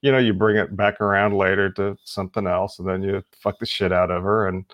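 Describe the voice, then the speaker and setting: Low-voiced rambling man, dry close sound. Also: fairly even intonation, fairly bright tone, no room sound. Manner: rambling, halting storytelling with many fillers. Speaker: podcast co-host. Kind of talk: casual chat.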